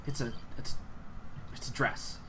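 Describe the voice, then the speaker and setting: A woman's voice: measured pace, close to an everyday voice. A man voicing a curt, dismissive female seamstress at work. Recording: noisy room ambience.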